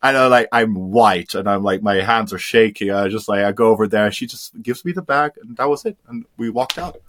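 A man's voice: on the low side, a little fast, fairly bright tone. A man telling his story as an interview guest, candid and casual, swearing freely and often trailing into fillers.

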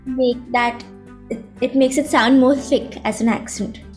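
A woman's voice: high-pitched, steady tone, a little slow, darkish tone, faint music behind. A thirteen-year-old girl answering podcast questions thoughtfully, with some hesitation. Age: teens. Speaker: guest. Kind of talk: casual chat.

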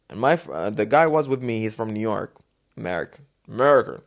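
Man from Dubai, solo podcast host, casual animated storyteller, gravelly voice. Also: lowish voice, brisk. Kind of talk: unscripted solo podcast talk.

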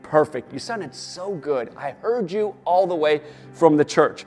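Man, pastor, sermon, rousing call-and-response, fairly high voice, faint music behind. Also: very animated, unhurried, long reverb tail. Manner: rousing, urges listeners with repeated "come on". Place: church or studio, preaching to an online audience.

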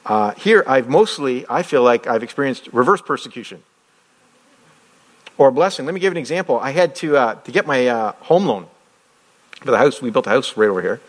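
A man preaching in a relaxed, talkative way, pausing on fillers and firing off rhetorical questions as he tells stories. His voice sits at an ordinary middle pitch. It sounds like a pastor chatting with his congregation more than lecturing. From outside the United States. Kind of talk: conversational sermon.

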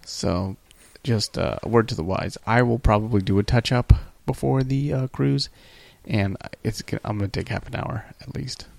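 A man's voice: lowish voice, normal speed, creaky, darkish tone, dry recording. A man co-hosting a casual podcast, rambling through profane stories and acting out the people he quotes. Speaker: podcast co-host. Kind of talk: casual crude chat.

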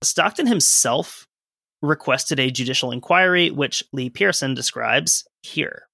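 A man with a bright, forceful voice co-hosts a casual history podcast. He explains events in a conversational way, dropping in asides as he reads from his sources. The recording is close and dry. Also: medium pitch, animated, unhurried, vocal fry, dry recording. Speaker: podcast co-host.

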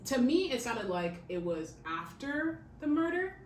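A woman's voice: high-pitched, sing-song, a little slow. Chatty woman telling a crime story. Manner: chatty, peppered with "like" and "okay?". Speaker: podcast host. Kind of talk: casual true-crime storytelling. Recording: echoey room, distant mic, faint hiss.

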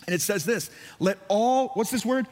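Man, pastor, sermon, conversational, acts out quotes, high voice, church reverb. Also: normal speed, darkish tone. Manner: conversational, filler-heavy preaching with acted-out quotes. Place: church sanctuary.

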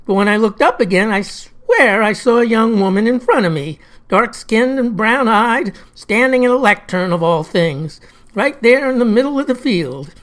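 A woman's voice: fairly high pitch, lively intonation, moderate pace. A woman tells a comic first-person story in a folksy, old-fashioned way. Her phrasing is drawling and down-home. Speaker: narrator.

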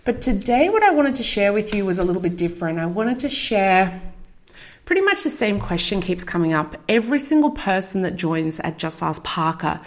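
A chatty, enthusiastic woman hosts her own podcast in a relaxed solo talk. She sounds middle-aged, with a mid-range voice and an upbeat, eager delivery. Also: medium pitch, normal speed. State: out of breath. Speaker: podcast host and marketing coach.

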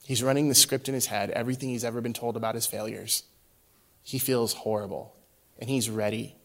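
Animated middle-aged male pastor storytelling. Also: medium pitch, fairly quick. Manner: animated storyteller, swings between hushed and loud. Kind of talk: sermon storytelling.

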